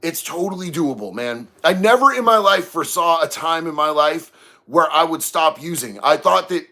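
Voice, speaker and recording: A man's voice: fairly high pitch, animated, normal speed, sharp tone. A man hosting a casual livestream, reading chat aloud and talking in a laid-back, slangy way. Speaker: livestream host.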